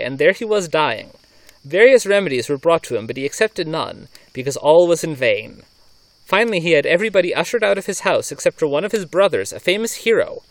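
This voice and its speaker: A man's voice: a little high, no echo. A man hosting a podcast, telling folklore stories in a casual, chuckling way. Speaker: podcast host. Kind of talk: casual chat and folklore storytelling.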